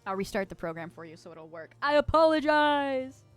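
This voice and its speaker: A woman's voice: lowish voice, level tone, fast, dry recording, faint music behind. A young adult woman streaming and casually chatting as she reads chat, bubbly and giggly with playful squeals.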